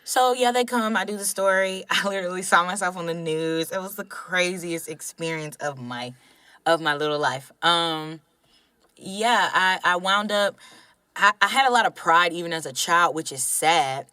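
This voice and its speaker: Animated woman telling a story. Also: lowish voice, moderate pace, no echo. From Georgia, US. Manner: animated, candid, swears casually. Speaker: podcast co-host. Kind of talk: casual storytelling chat.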